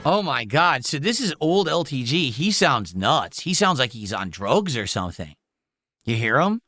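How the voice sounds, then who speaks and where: Bright-voiced man reacting on stream. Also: mid-range voice, big pitch swings, normal speed, faint music behind. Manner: exclaiming, incredulous. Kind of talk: reaction commentary.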